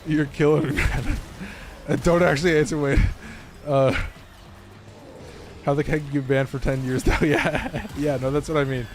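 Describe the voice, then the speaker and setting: A man's voice: fairly high pitch, steady tone, moderate pace, long pauses, a little hiss or hum. A man live-streaming a video game, chatting casually with viewers, joking and laughing often. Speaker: gaming streamer.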